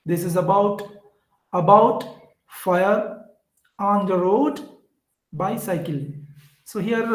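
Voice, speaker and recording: A man's voice: high-pitched, darkish tone, reverberant, poor audio. A man with an Indian English accent teaching a lesson, explaining step by step and repeating key words. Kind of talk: lecture.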